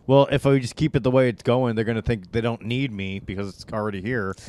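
A man's voice: medium pitch, steady tone, fast talker, a little mellow. Blunt man riffing crudely on a podcast. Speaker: guest comedian. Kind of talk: casual comedy chat.

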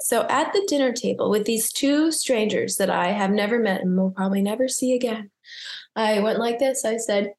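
A woman's voice: a little high, normal speed. A young woman, a wedding photographer from Massachusetts, telling stories in casual podcast chat over a video call, giggly and self-deprecating. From Maynard, Massachusetts. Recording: roomy echo.

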